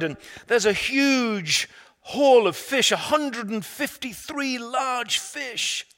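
A man preaching a sermon, retelling a story dramatically and swinging between loud, emphatic lines and hushed, quiet ones. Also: very high voice, slow, hardly any pauses. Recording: long reverb of a large hall.

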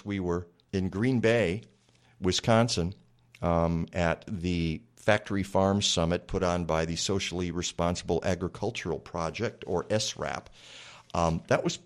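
Rambling, low-voiced male radio host. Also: a bit bright. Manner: chatty, rambling with many fillers. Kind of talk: casual radio talk. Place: radio studio.

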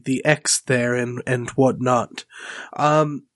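A man's voice: mid-range voice, steady tone, a little slow, a bit bright. A man playing a tabletop role-play game, speaking politely and hesitantly, often stumbling over his words. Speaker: player.

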